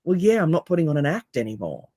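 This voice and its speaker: A woman with a deep voice, a hypnotherapist and coach speaking as a podcast guest with calm, emphatic, repeated phrases. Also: quick pace, no room sound, clean studio sound.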